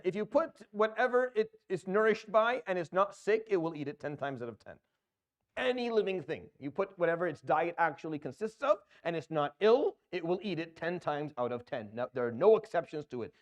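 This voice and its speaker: Man lecturing earnestly with Arabic terms. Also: sits high. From Canada. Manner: earnest, repeats words while building points. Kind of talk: recorded lecture.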